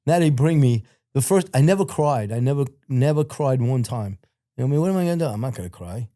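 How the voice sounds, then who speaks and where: A man with an American accent telling his life story in a casual interview, blunt and profane, growing animated when he quotes other people. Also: mid-range voice, quick pace, dry recording, studio quality.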